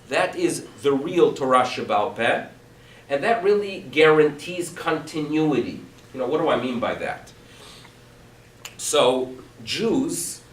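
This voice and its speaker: A man, a rabbi, teaching a class to a congregation, lively and full of rhetorical questions. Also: on the high side. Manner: animated, asks rhetorical questions. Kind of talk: lecture to a congregation. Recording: echoey room, mic at a distance.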